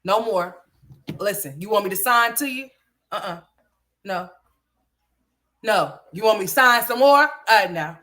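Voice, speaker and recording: A woman's voice: mid-range voice, lively intonation, a little slow, pauses often, bright, forceful tone. A woman hosting a casual livestream, chatting with viewers and turning to talk to her son at home. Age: adult parent. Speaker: livestream host.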